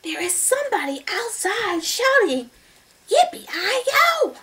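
A woman's voice: very high voice, sing-song, slow, pushed and bright, a little hiss or hum, voice pushed up, exaggerated voice. A woman voicing a timid younger sister in a storybook, meek and pleading.

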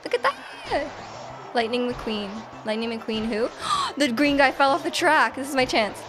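A woman streaming a video game live, excitable and quick to laugh, reacting to her play and reading chat aloud. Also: fairly high pitch, music in the background.

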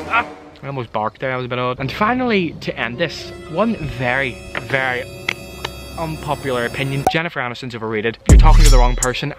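Jokey young guy ranting. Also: mid-range voice. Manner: playful, jokey, exaggerated rants. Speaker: vlogger. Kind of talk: casual reaction vlog. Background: background music.

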